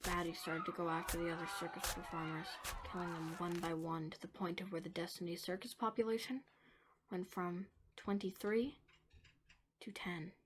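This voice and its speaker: A woman narrating a dark story, moving between hushed whispers and emphatic lines. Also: fairly low pitch, fairly even intonation, moderate pace, a little hiss or hum.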